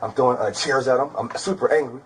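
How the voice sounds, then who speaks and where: Fast-talking man under questioning. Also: mid-range voice, slight background noise, low-quality recording. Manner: rapid, repetitive, keeps saying bro. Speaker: interrogated suspect. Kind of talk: rambling account under questioning.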